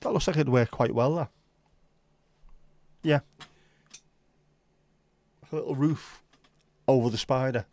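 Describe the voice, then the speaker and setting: A man's voice: mid-range voice, takes it slowly, long pauses, a little mellow, dry recording. Sweary, chatty man livestreaming. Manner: chatty, sweary, reads out viewer comments. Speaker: livestream host. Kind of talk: casual livestream chat. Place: at home, window nearby.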